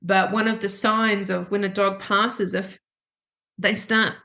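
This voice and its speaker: A woman counselor speaks as a podcast guest, recounting a painful personal story. Her sentences often stop short and restart as she searches for words, while her voice stays at a middle pitch. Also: little pitch movement, vocal fry, bright, forceful tone. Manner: halting, with frequent self-interruptions and restarts.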